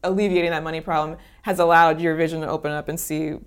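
A woman's voice: deep voice, steady tone, fast talker, smooth. A woman hosting a casual podcast chat, supportive and reflective, summing up what her guest says. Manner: supportive, reflective, listens and sums up. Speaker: podcast host.

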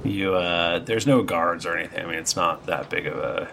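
A man's voice: deep voice, moderate pace, vocal fry, noisy background. A man narrating as game master in a tabletop game, loose and easygoing with many fillers.

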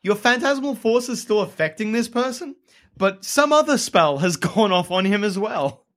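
A man's voice: high-pitched, expressive, normal speed, fairly bright tone. A man narrating as game master, often laughing mid-sentence.

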